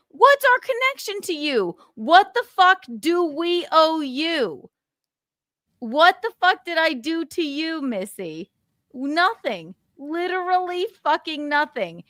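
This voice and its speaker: A woman's voice: high-pitched, fairly bright tone, dry recording, studio quality. A woman co-hosting a livestream, ranting angrily and swearing in heated casual chat. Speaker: livestream co-host.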